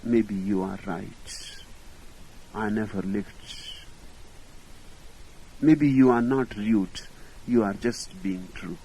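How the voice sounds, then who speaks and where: A man's voice: fairly low pitch, takes it slowly, pauses often, warm tone, husky, voice pushed down, exaggerated voice, poor audio. A man voicing a dying middle-aged man who pleads and questions indignantly. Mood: tender.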